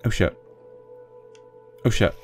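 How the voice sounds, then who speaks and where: A man's voice: slow, a little mellow, faint music behind. A man giving casual let's play commentary into a desk mic on a stand, with swearing, panicky outbursts and self-mocking jokes. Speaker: gaming video host.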